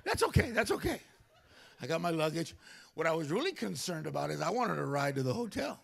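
An older male pastor telling a story during a sermon, animated, acting out other people's voices. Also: on the high side, fairly quick, creaky. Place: church.

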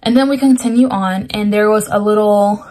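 A Christian dream sharer with a warm, medium-pitched voice and moderate pace casually retells a dream. Her rambling, loose sentences are full of "like" fillers as she earnestly explains its meaning through scripture.

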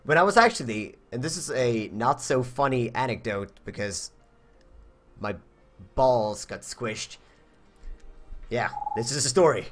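A man's voice: medium pitch, lively intonation, unhurried, pauses often, faint music behind. A young man from Sweden chatting casually on a live stream, answering viewer questions in a rambling way, searching for words and swearing.

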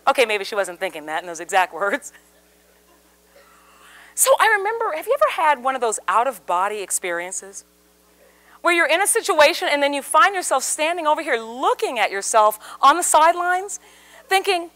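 Woman speaker, high pitch, bright tense tone, animated storyteller, live seminar. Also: moderate pace. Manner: animated storyteller, acts out quoted voices. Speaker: communication speaker. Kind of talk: live seminar talk with audience participation. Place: seminar room with live audience.

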